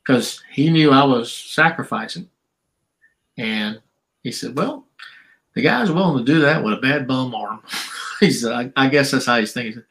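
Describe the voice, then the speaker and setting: A man's voice: gravelly, rough recording. An older man, a former pro wrestler telling long stories in a podcast interview and acting out the voices he quotes. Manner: animated storyteller, acts out quotes with shifting pitch. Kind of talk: storytelling interview. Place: podcast recording.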